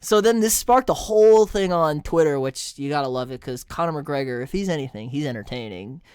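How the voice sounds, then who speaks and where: A man co-hosting a sports podcast, retelling fights in an animated, chatty way with lots of fillers. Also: on the high side, fairly quick, smooth, dry recording, clean studio sound. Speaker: podcast co-host. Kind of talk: casual sports chat.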